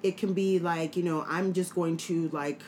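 A woman's voice: fairly low pitch, moderate pace, slight background noise. A woman, a teacher co-hosting a podcast, talking emphatically and laughing easily. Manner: emphatic, animated, laughing often. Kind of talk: casual chat.

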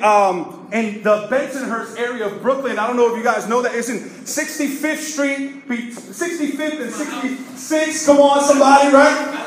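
A man preaching as pastor, telling funny stories and calling out to the congregation. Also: extremely high pitch. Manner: playful, jokes and calls out to the congregation. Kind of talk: humorous sermon storytelling. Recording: very echoey hall.

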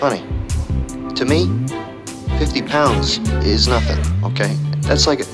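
A man's voice: mid-range voice, a little slow, over loud music, lightly acted. A man putting on a cocky, sleazy braggart voice, swaggering and crooning. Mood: smug.

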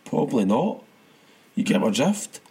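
A man co-hosting a casual football podcast, rambling through his points with restarts and bursts of laughter. His voice is slightly husky and his pitch swings widely as he talks. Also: very animated, a little slow, a little mellow. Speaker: podcast co-host.

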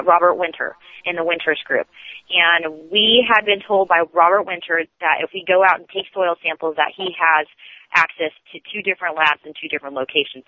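Over a tinny phone line, a male caller on a radio show tells a meandering, casual story full of restarts. The recording is dry, and his voice is high.

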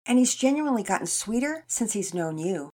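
A woman reading aloud, voicing a friendly, talkative neighbor woman in a storybook, a bit higher than her narrating voice. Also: sing-song, fairly quick, warm tone. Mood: chatty. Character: friendly chatty woman neighbor, Catholic upbringing.

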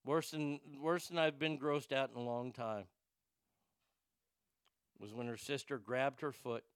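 A man's voice: mid-range voice, steady tone, unhurried, smooth, dry recording, studio quality. A man hosting a talk radio show, ranting animatedly about a reality show with crude asides and stammered restarts.

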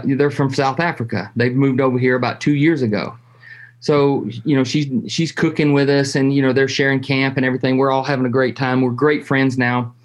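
Folksy man telling a story. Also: medium pitch. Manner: folksy, storytelling with drawn-out pauses and restarts. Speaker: hunting show host. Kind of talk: casual conversation.

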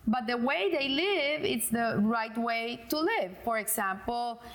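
A woman's voice: fairly high pitch, lively intonation, measured pace, a bit bright. A middle-aged woman giving an informal religious lesson, talking in a conversational way with fillers and restarts. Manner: conversational, many fillers and restarts, acts out quoted dialogue in a joke. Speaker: Torah class teacher.

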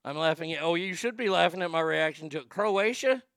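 A man's voice: a little high, fast, creaky, a bit bright, clean tone, dry recording, studio quality. A male radio host giving blunt, vulgar, mocking comedic commentary.

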